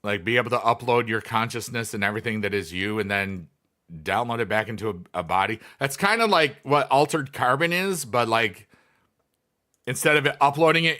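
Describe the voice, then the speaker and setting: A man's voice: mid-range voice, sharp tone. A man in casual livestream chat, rambling with lots of fillers and reading chat messages aloud. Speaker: livestreamer, former teacher.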